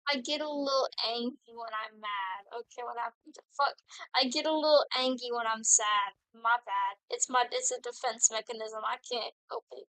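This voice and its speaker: A woman's voice: a little high, moderate pace, sharp tone, clean tone, dry recording, poor audio. A young woman streaming a game, chatting casually and giddily to herself and her chat as she plays. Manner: giddy, rambling, talks to herself while playing.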